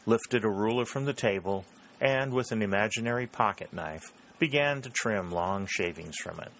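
Man narrator, audiobook reading, steady, low-pitched. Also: a little hiss or hum, poor audio. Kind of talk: scripted narration of a historical novel.

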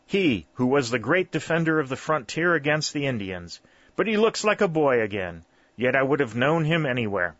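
Man doing a high strong-voiced ancient woman, fierce, formal, solemn storybook elder, dull dry recording. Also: big pitch swings, normal speed, a bit bright, dry recording. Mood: solemn, fervent. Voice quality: high-pitched but strong voice. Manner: formal, solemn welcoming speech. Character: very old woman, over a hundred, fierce, entranced.

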